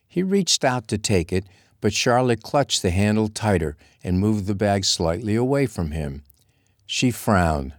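Casting: male audiobook narrator, low voice, steady measured reading, dry booth sound. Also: dry recording. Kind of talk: scripted narration.

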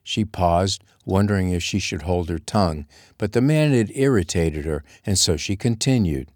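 Casting: male audiobook narrator, low voice, steady measured reading, dry booth sound. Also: no room sound. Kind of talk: scripted narration.

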